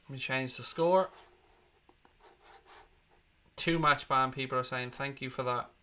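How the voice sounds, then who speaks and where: A man's voice: medium pitch, fairly even intonation, unhurried, sharp tone, clear, resonant tone. A man hosting a live football watchalong, reacting bluntly to the match and swearing freely as he talks his viewers through it. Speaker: football fan channel host.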